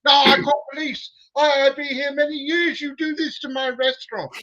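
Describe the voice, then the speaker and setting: A man voicing a furious male restaurant chef who yells in broken English and waves a machete, in a dull lo-fi recording. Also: extremely high pitch, level tone, moderate pace, pitched above the performer's own voice. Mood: furious yelling. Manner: shouting, broken grammar.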